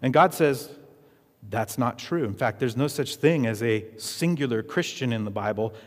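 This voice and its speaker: A man's voice: mid-range voice, expressive, moderate pace. A man preaching a sermon as pastor, emphatic and repetitive, leading the congregation in call-and-response. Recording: reverberant hall.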